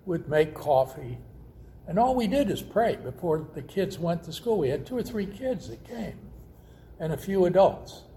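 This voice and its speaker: A man's voice: fairly high pitch, dark tone, a little hiss or hum. A man preaching a sermon, telling stories and acting out quoted voices. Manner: slow, storytelling with quoted voices.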